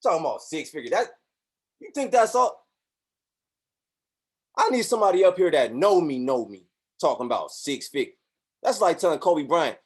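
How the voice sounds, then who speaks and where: Animated preachy man. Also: fairly high pitch, moderate pace, long pauses, breathy edge. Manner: preachy and animated, acts out voices in his stories. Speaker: motivational speaker. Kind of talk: motivational talk.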